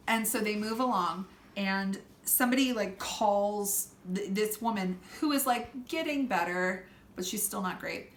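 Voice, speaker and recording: Animated woman telling a profane comic story. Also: medium pitch, a little slow. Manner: animated, laughing, profane, acts out quoted people. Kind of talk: casual comedic storytelling. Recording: roomy room with faint background noise.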